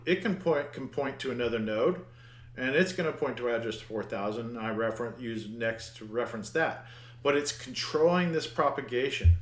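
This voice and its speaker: A man with a medium-pitched voice records a programming lesson over his screen, and the sound is reverberant. As he teaches he reasons out loud, mutters at the code, and keeps restarting his words.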